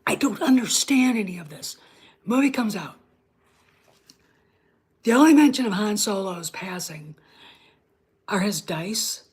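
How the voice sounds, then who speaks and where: A woman's voice: medium pitch, lively intonation, a little slow, pauses often, breathy edge. A woman hosting her own online show, ranting bluntly and with plenty of swearing while talking straight to her live chat. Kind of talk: casual livestream rant.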